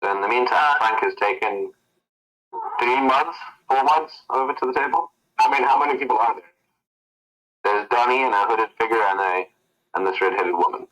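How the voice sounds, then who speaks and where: A man narrating as game master of a tabletop game, telling the scene in a casual, relaxed way. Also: mid-range voice, normal speed, poor audio.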